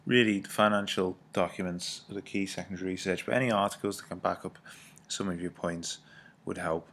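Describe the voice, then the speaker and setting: A very low-voiced man talks students through a recorded lesson. He is informal and keeps correcting himself, with apologetic asides and some coughing. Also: steady tone, fairly quick, fairly bright tone, slight background noise. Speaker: teacher.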